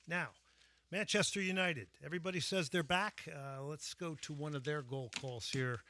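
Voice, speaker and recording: A man's voice: a little high, pushed and bright, no room sound. A man hosting a sports radio show, talking casually with frequent fillers and restarts. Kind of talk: casual sports talk monologue.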